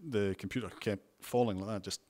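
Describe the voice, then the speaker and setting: A man's voice: lowish voice, steady tone, fairly quick, darkish tone. A Scottish man, a television news presenter, giving chatty interview answers full of restarts and wry asides. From Scotland.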